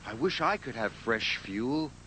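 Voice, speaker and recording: A man voicing an eager, proud young male steam engine who talks in an earnest, excitable way. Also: medium pitch, unhurried, a little hiss or hum, rough recording. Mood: worried.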